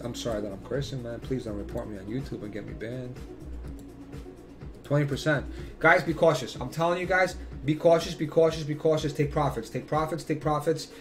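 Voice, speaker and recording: A man giving casual chart commentary as host of his channel, emphatic and repetitive, swearing freely. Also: mid-range voice. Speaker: crypto chart analyst hosting his channel.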